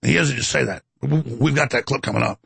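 A man hosting a talk show, ranting in a rambling, animated, indignant monologue. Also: medium pitch, quick pace, gravelly, breathy edge, dry recording.

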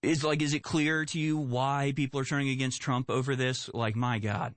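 A man giving solo political commentary, reading news aloud and breaking off into sarcastic, animated hypotheticals. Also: medium pitch, moderate pace, hardly any pauses, no room sound.

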